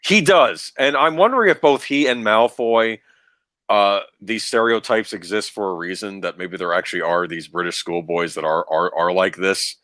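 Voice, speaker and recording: Low-voiced man chatting over a film. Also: moderate pace, pushed and bright, no echo, studio quality. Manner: rambling, laughs often, many restarts. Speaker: podcast co-host. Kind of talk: casual film rewatch chat.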